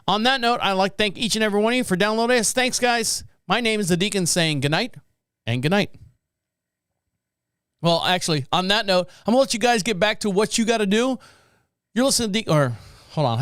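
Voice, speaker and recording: A man's voice: fairly high pitch, a bit bright, clear, resonant tone, no room sound, clean studio sound. A man hosting a podcast in casual chat, rambling a bit, correcting himself and chuckling as he goes. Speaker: podcast host.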